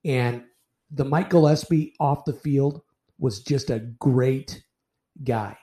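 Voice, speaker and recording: Older male ex-umpire, dark mellow voice, salty storyteller who trips over his restarts. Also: medium pitch, slow. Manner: profane, animated anecdotes with repeated restarts. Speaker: retired baseball umpire. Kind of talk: casual storytelling in a podcast interview.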